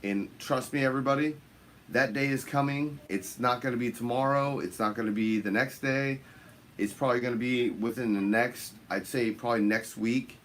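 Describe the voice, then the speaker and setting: A man hosting a fishing channel livestream, greeting viewers by name in casual chat, his voice jumping up high on the shout-outs. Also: steady tone, normal speed, a little hiss or hum.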